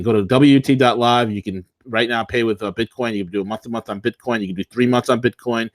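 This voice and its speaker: A man's voice: mid-range voice, no room sound. A man co-hosting a political talk show, ranting combatively and sarcastically.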